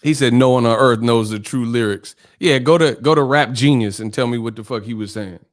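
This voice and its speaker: A man's voice: medium pitch, brisk. A man hosting a boxing livestream, chatting casually with his chat, joking and swearing, laughing often and mimicking voices. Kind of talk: casual livestream chat reading viewer comments.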